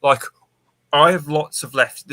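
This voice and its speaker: Man, halting speech, restarts, bright tone, dry close sound. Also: fairly high pitch, fairly even intonation, no room sound. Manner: halting, many restarts and stammers. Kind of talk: casual podcast chat.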